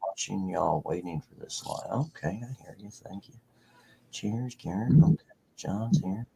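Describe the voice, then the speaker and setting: A man's voice: fairly low pitch, a little slow, vocal fry, dark tone. A man hosting a casual livestream, rambling and swearing as he greets viewers in the chat. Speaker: livestream host.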